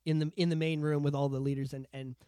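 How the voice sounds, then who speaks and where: A man hosting a podcast in casual chat, excitable and emphatic, swearing freely. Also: fairly high pitch, fast, smooth, dry recording, clean studio sound. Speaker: podcast host.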